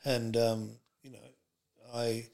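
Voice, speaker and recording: A man's voice: medium pitch, level tone, slow, a little mellow. A middle-aged man, a comedian telling stories as a podcast guest in a rambling way, full of fillers and restarts. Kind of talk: casual interview chat.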